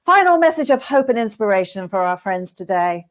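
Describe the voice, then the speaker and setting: Brief: earnest woman interviewer, mid pitch, warm-hearted thanks, video-call sound. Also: big pitch swings, brisk. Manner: effusive, earnest, grateful. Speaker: host. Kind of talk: interview hosting.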